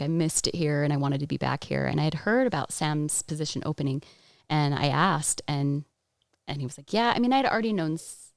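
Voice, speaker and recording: A woman's voice: low-pitched, dry recording, studio quality. A woman interpreting for a guest in the first person, telling his stories animatedly with frequent laughter and restarts.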